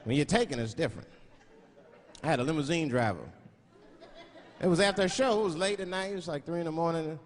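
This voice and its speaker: Profane, animated male stand-up comic. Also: a little high, quick pace, pauses often. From Washington, D.C. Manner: animated, profane, switching into voices. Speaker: stand-up comedian. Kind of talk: stand-up comedy. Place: large theater stage. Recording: echoey hall, loud crowd laughter.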